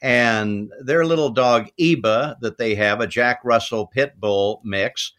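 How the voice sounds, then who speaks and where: A middle-aged man speaking at an ordinary, mid-range pitch, easygoing and anecdotal. He is an interview guest spinning stories about his career at an unhurried pace. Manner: relaxed, anecdotal, unhurried telling. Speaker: voice actor guest. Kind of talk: interview storytelling.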